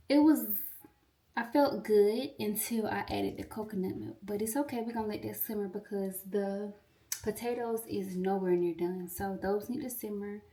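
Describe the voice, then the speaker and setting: A young woman in her twenties talks to her viewers in a relaxed, chatty way as she cooks in her home kitchen. She sits a little back from the microphone, so her voice sounds slightly distant. Her pitch sits in an ordinary middle range for a woman. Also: moderate pace. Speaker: pharmacy student vlogger. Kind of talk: casual chat. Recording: voice a bit far from the mic.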